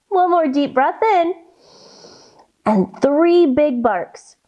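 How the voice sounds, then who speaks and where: A woman guides children through yoga poses at an unhurried pace. Her voice sits high and swoops up and down with plenty of life. She talks in a playful sing-song and makes animal sounds along the way. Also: expressive, mellow, dull audio. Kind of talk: kids' yoga and story warm-up lesson.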